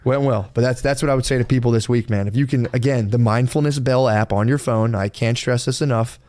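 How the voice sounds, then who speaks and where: A man's voice: mid-range voice, a little fast, darkish tone. Male podcast co-host, mid-range voice, casual and profane, rambles with lots of restarts. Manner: rambling, swears freely, quotes himself in other voices.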